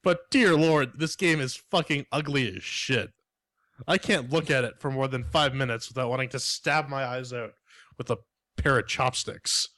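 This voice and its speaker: A man's voice: medium pitch, moderate pace, pushed and bright, no room sound, clean studio sound. A man co-hosting a game review podcast in casual chat, blunt and profane with lots of filler words. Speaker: podcast co-host reviewing games.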